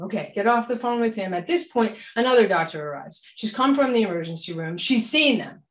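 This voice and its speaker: Animated woman telling a story onstage. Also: fairly high pitch, normal speed. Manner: animated, acts out her own quoted panic. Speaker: doctor and practice manager. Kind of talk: live storytelling performance. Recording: echoey live venue.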